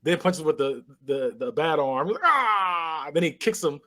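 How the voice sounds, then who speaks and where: At a moderate pace, a man with a slightly high voice co-hosts a podcast, chatting casually through a movie recap. He animatedly retells each scene, adding sound effects and laughter.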